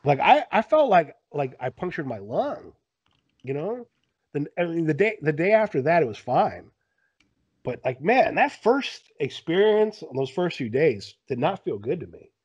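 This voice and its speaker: A man in his thirties chatting casually on a podcast, telling rambling, animated stories full of fillers. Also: fairly high pitch, normal speed, husky, no room sound, dull audio. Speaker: podcast guest.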